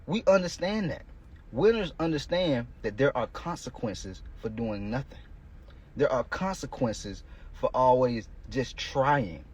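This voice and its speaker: A man's voice: a little high, slightly rough. A male coach hosting a podcast, giving a blunt, profane motivational monologue in casual street talk.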